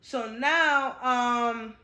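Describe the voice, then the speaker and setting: A woman's voice: a little high, drawn-out words, bright, forceful tone. A woman giving a casual, slangy recap of a book, chatty and full of swearing. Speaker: book reviewer. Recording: roomy echo.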